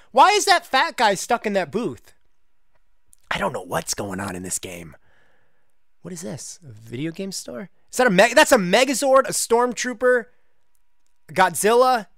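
A man hosting a gaming channel, giving casual, sarcastic commentary with loud outbursts of disbelief. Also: high voice, normal speed, no room sound, studio quality. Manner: animated, exclamatory, sarcastic asides. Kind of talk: casual let's-play commentary.

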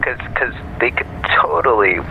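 A man's voice: medium pitch, moderate pace. A man streaming a game and joking with a friend, teasing and laughing as they chat. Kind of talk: casual gaming chat. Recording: dull lo-fi stream audio with faint noise.

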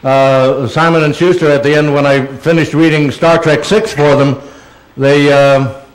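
Male guest speaker, slightly high voice, loose and rambling, answers a crowd's questions in an auditorium. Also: steady tone, measured pace, low-quality recording. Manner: chatty, rambling, calls audience members dear. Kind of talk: talk and audience Q&A. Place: large auditorium.

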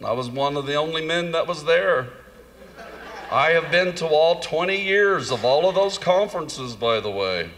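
A man telling a humorous, self-mocking story in a sermon, animated and jumping into high voices for comic asides. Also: moderate pace. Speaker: conference speaker. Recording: long hall reverb, faint room noise.

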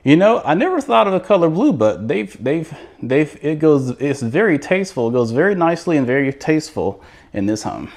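A man's voice: a little high, very animated, fairly quick, darkish tone. A man giving an enthusiastic, chatty walkthrough of a show home, recorded on a handheld camera while walking through the rooms. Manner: enthusiastic, chatty, repeats words. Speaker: home tour host. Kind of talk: casual walkthrough narration. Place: inside a manufactured home show model.

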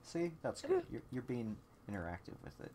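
A man chats loosely while streaming a game, teasing his teammate and poking fun at himself. His voice sits at an ordinary middle pitch, picked up on a desktop microphone with a faint hiss of noise behind it. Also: wildly swooping pitch, a little fast, mellow. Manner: sarcastic, self-mocking banter. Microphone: desktop USB microphone.

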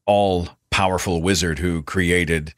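A man hosting a podcast interview, speaking in a relaxed, conversational way. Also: deep voice, takes it slowly, dry recording, clean studio sound. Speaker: podcast host.

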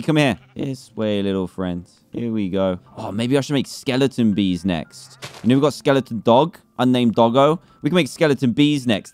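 A young man with a British accent giving chatty Let's Play commentary and teasing the game animals in mock scolding. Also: medium pitch. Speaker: gaming YouTuber.

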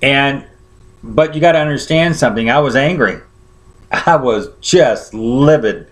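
Man of medium pitch preaching in a chatty storytelling style, checking in with the congregation. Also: lively intonation, measured pace. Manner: conversational, often checks in with listeners. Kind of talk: sermon storytelling.

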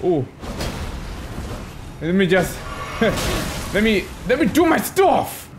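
A man's voice: sits high, sing-song, takes it slowly, over music. A man giving casual, playful commentary while gaming, talking back to enemies and chuckling as he goes. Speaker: gaming video creator.

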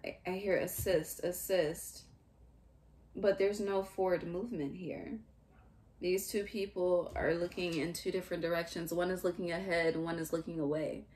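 Low-voiced woman giving a halting tarot reading. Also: steady tone, darkish tone. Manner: musing, halting, speaks in fragments and restarts. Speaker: tarot reader.

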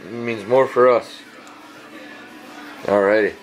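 A man's voice: lowish voice, steady tone, slow pace, soft background music, low-quality recording. A man hosting a casual home cooking vlog, joking and coaxing others to taste the food. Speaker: home cook vlogger. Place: home kitchen.

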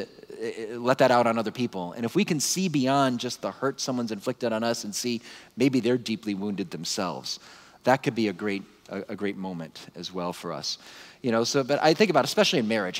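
A man giving a conversational, animated Bible talk to a live conference audience, with frequent asides. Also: medium pitch, in a large hall. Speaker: conference speaker.

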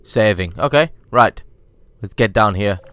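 Cheeky young male let's-player; animated, bright delivery, curses freely. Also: fairly low pitch, a little slow, dry recording. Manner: sweary, cheeky, chatty. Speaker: gaming YouTuber. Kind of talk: casual let's-play commentary.

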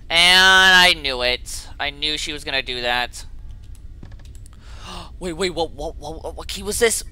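A man commenting on a horror game he is playing, swinging from quiet muttering to frustrated yelling and reading notes aloud. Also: on the high side, smooth. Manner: reads an in-game note aloud haltingly. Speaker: gameplay video host.

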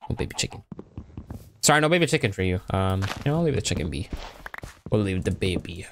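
A young gaming YouTuber gives casual, rambling Minecraft let's play commentary, talking to himself as he plays the block-building game. His low voice is expressive and quick, with noise in the background.

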